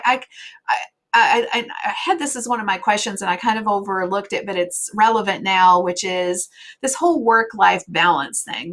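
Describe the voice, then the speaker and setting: A woman hosting a casual interview, chatty and given to asides, often trailing off softly at the end of a thought. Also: mid-range voice. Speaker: host.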